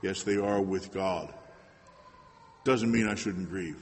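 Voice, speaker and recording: A man preaching a sermon in an earnest way, moving between loud emphasis and hushed asides. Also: sits low, slow. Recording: long hall reverb.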